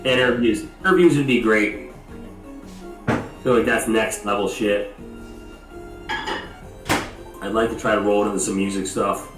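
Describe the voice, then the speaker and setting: A man's voice: lowish voice, fairly even intonation, measured pace, long pauses. Rambling, laughing man on a distant mic. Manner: rambling, laughing, swears a lot. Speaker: podcast co-host. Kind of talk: casual crude chat. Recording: roomy echo, distant from mic, faint music.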